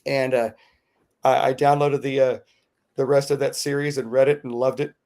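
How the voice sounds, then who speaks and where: Gravelly-voiced man telling a rambling story. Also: medium pitch, moderate pace. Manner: rambling, animated retelling with many fillers. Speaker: podcast co-host. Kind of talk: casual storytelling.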